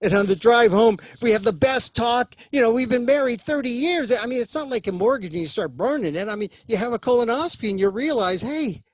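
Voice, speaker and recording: A man's voice: very high voice, animated, brisk, few pauses, dry recording, studio quality. A middle-aged man performing a wry, confiding comic solo monologue from his closet at home into a webcam.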